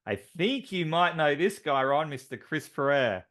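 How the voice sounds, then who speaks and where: A man's voice: on the high side, lively intonation, measured pace, fairly bright tone. A man co-hosting a team call, announcing award winners with enthusiastic, filler-heavy talk.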